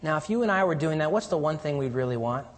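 A man with a fairly high, somewhat husky voice preaches in an earnest way, moving between loud emphasis and hushed, quiet lows. His voice carries a long reverb, as if in a church sanctuary. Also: lively intonation, fast. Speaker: pastor. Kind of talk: sermon. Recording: reverberant hall.

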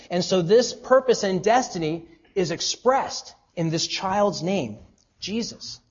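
A man delivering a sermon as pastor, his voice pitched high and slightly husky. He preaches earnestly, pushing key words up with force and then dropping to a hush. The recording sounds dull and lo-fi. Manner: earnest preaching with emphatic rises and hushed drops.

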